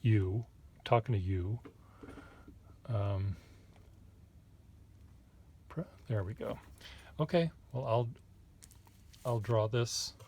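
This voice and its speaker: A man's voice: on the low side, drawn-out words, long pauses, mellow, slight background noise. A man chatting casually at his desk while drawing, rambling and hesitant, with wry asides to the viewer. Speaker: artist reviewing pens.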